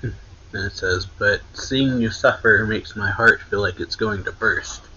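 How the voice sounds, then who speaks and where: A man's voice: lowish voice, unhurried, bright, forceful tone, lo-fi sound, a little hiss or hum. A young man casually retelling a manga chapter in a rambling, filler-heavy way, with many restarts. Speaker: anime reaction channel host.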